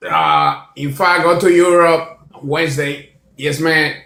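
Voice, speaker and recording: A man's voice: fairly high pitch, very animated, takes it slowly, pushed and bright, reverberant. A man calling in to a live debate, enthusiastic and speaking broken English. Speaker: caller. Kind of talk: casual call-in debate.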